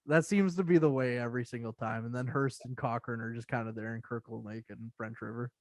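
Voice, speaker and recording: A man's voice: mid-range voice, fairly even intonation, brisk, no echo. An easygoing male podcast co-host chats and teases. His voice sounds dry and close, with no room sound. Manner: joking, easygoing. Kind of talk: casual chat.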